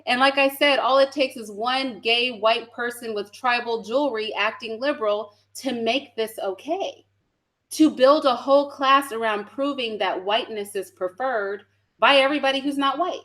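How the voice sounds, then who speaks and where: A woman's voice: a little high, normal speed, fairly bright tone. A woman giving casual reaction commentary on a video, blunt and sassy, swearing and laughing as she talks.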